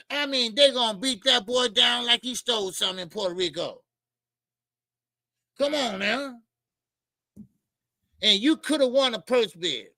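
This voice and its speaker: A man's voice: extremely high pitch, pushed and bright, dry recording. A man hosting a boxing talk show, ranting in blunt, profane casual commentary.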